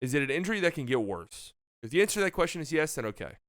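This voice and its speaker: A man's voice: fairly high pitch, very animated, racing, a bit bright, no room sound, clean studio sound. A young man hosting a casual basketball talk show, ranting with exasperation and repeating himself. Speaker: sports podcast host.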